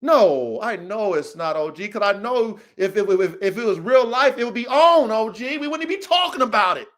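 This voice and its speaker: A man's voice: sits high, animated, moderate pace, fairly bright tone. A man hosting a dog podcast livestream, delivering a heated, profane rant with repeated callouts. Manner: fiery, repetitive, swears a lot, keeps saying "O G". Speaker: dog breeder and podcast host. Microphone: livestream mic.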